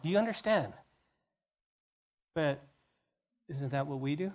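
A male pastor preaching a sermon, acting out scenes as quick dialogue and repeating key phrases for emphasis. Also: on the high side, expressive.

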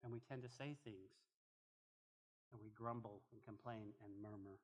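A man preaching a sermon as pastor, emphatic and animated, often repeating phrases as he drives a point home. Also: lowish voice, normal speed, slightly rough. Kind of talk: expository sermon.

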